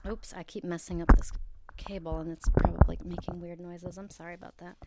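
A woman's voice: lowish voice, level tone, brisk, very noisy. A woman hosting her own podcast, chatting casually and bubbly, laughing often as she talks. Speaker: podcast host. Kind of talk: casual solo podcast chat. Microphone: headphones with cable, home recording setup.

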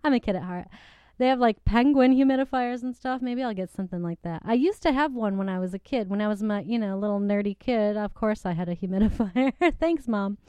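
A woman's voice: medium pitch, fairly quick, mellow, clean tone, no echo, lo-fi sound. A young woman vlogging from her apartment, chatting casually about singing, giggling often and using lots of fillers. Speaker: singer and vlogger. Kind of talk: casual chat. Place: apartment with a piano.

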